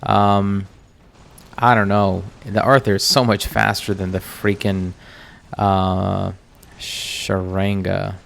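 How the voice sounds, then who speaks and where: A man's voice: fairly low pitch, little pitch movement, takes it slowly, gravelly, a bit bright. An American man commenting casually over his own gameplay as channel host, chatty and distracted, full of ums and uhs. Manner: chatty, distracted, filler-heavy.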